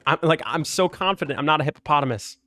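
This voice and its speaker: A man's voice: a little high, quick pace, sharp tone. A man talking earnestly and argumentatively in casual commentary over gameplay, with lots of "like" fillers. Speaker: gaming video creator.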